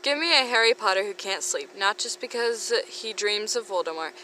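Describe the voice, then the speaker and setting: Bright-voiced woman reading fan comics. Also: mid-range voice, lively intonation, slight background noise, low-quality recording. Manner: breathless, rapid run-on reading. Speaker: fan comic dub reader.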